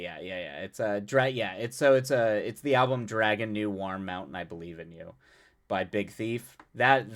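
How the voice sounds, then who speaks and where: A young man hosting a live stream, chatting casually with his viewers, rambling and self-mocking with frequent laughs and restarts. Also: lowish voice. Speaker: livestream host. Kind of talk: casual chat with chat readers.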